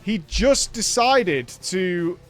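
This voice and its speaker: A man talks casually to his stream, his voice sitting fairly high. He rambles, swears freely and stops now and then to thank viewers, with faint music in the background. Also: lively intonation, drawn-out words. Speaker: streamer and show host. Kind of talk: casual live-stream storytelling.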